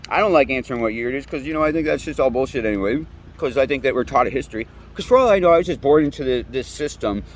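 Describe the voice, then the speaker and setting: A man's voice: medium pitch, expressive, racing, few pauses, slight background noise. A man in his late thirties giving a profane, rambling, heated monologue outdoors. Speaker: vlogger. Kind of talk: ranting monologue. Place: outdoors near woods.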